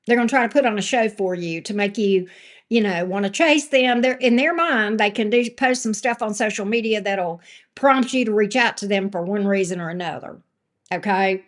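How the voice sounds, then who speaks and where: A woman's voice: mid-range voice, normal speed. An older woman hosting a live tarot stream, chatty and blunt, greeting viewers by name. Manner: chatty, talks straight to chat viewers by name; blunt and sassy. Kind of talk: casual live-stream chat.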